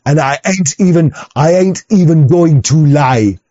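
Guy doing a stiff formal young dude, slow, stuttery, dull sound. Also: fairly high pitch, dark tone, dry recording, lightly acted. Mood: stilted. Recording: dull muffled audio.

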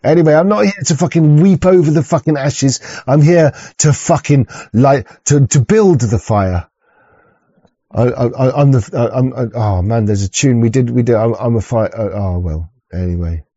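Man, swearing rambling rant, mellow voice, dry lo-fi sound. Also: mid-range voice, moderate pace, no room sound. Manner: rambling, swearing, frequent restarts, mock voices. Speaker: streamer reacting to a video. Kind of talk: profane ranting commentary. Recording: dull lo-fi sound.

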